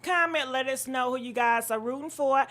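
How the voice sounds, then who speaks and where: A woman's voice: high voice, normal speed, a bit bright. A woman hosting a casual live-stream gossip chat, a little out of breath, swearing freely and greeting commenters by name.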